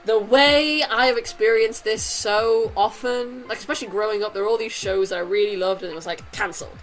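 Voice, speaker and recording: A woman's voice: mid-range voice, fairly even intonation, fairly quick, fairly bright tone, soft background music, low-quality recording. Chatty woman gamer rambling through a playthrough. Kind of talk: casual let's-play commentary, reading game dialogue aloud.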